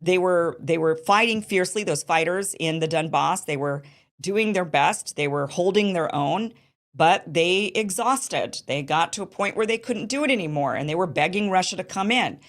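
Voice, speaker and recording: Woman show host, lowish voice, emphatic and indignant political commentary. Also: normal speed.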